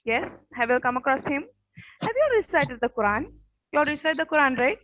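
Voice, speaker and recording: A woman teacher with a high voice and a rough morning rasp tells a story to her class. She talks casually, says "okay" often and keeps checking in with questions. The sound is dry and close, with no room around it. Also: sing-song, fairly quick, fairly bright tone, no echo, low-quality recording. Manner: peppers speech with "okay" and quiz questions.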